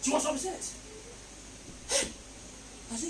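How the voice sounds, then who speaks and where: A woman preaching a sermon, shouting decrees and telling stories with bursts of laughter. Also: fairly high pitch, very animated, brisk, pauses often. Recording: echoey hall recorded from a distance with background noise.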